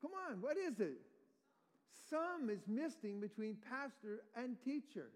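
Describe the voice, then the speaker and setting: High-voiced man preaching verse by verse. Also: sing-song, a little slow, long reverb tail. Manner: explains verse by verse, quizzes the congregation. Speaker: pastor. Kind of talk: expository sermon.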